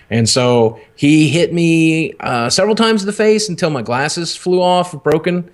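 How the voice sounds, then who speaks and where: A man's voice: fairly high pitch, expressive, moderate pace, hardly any pauses. A man, a podcast co-host telling a long candid story in casual, rambling, profane talk.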